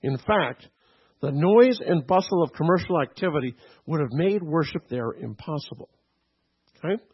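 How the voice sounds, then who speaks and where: Male pastor, teaching sermon, slightly raised pitch, husky, muffled recording. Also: animated, normal speed. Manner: teaching tone, frequent "okay?" and "right?" checks.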